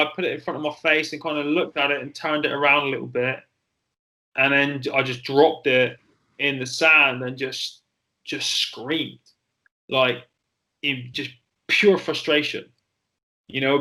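A man in his forties telling a personal story in an interview, candid and halting, with frequent fillers and swearing. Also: a little high, pushed and bright, low-quality recording. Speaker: interview guest, former soldier.

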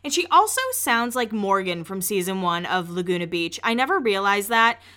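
A woman's voice: mid-range voice, animated, moderate pace, pushed and bright. A young woman hosting a podcast, recapping a reality show in chatty, gossipy talk full of "like" and casual swearing.

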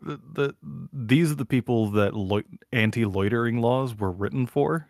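A man casually recounting a TV scene on a podcast, animated and profane, swearing freely. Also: mid-range voice, normal speed, no room sound, clean studio sound. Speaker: podcast host. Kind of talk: casual chat, retelling a show scene.

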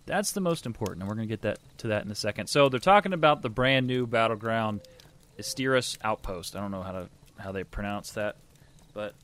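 A man's voice: medium pitch, fairly bright tone. A man co-hosting a casual gaming podcast, chatty and upbeat as he reads out game news. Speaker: podcast co-host.

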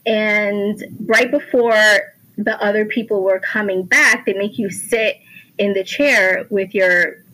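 A woman guest on a chat podcast, telling a lively story, laughing often and acting out what people said. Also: mid-range voice, takes it slowly, poor audio. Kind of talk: casual chat.

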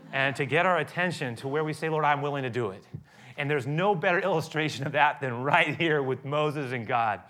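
Bright-voiced man preaching a sermon. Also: a little high. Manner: animated preaching, acting out dialogue with rising intensity. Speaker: pastor.

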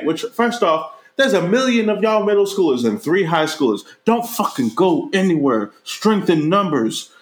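Animated man in a roomy room. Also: normal speed, few pauses. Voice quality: animated, jumps into high mocking voices for quoted characters. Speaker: podcast co-host reviewing a movie. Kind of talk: casual profane chat. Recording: roomy echo.

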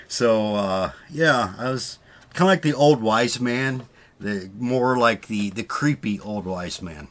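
웃음 많고 말이 오락가락하는 남자. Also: male voice, medium pitch, lively intonation, takes it slowly. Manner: rambling storyteller, laughs often, self-mocking. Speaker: podcast co-host. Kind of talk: casual chat.

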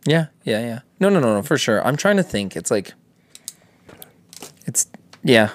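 A man co-hosting a casual comedy podcast, jokey and quick to laugh. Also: medium pitch, very animated. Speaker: podcast co-host.

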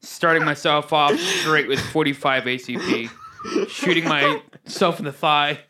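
A man's voice: a little high, expressive, a little slow, pushed and bright, slight background noise. A young man co-hosting a casual podcast, joking and laughing often. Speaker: podcast co-host. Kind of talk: casual chat.

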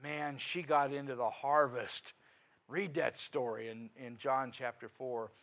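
Folksy male preacher with loud swells. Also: medium pitch, steady tone, measured pace, poor audio. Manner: folksy, conversational preaching with sudden loud rises. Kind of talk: sermon.

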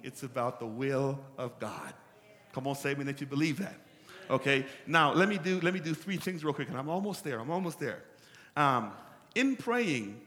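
A pastor preaching an animated call-and-response sermon that builds up to shouts. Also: male voice, medium pitch, in a large hall.

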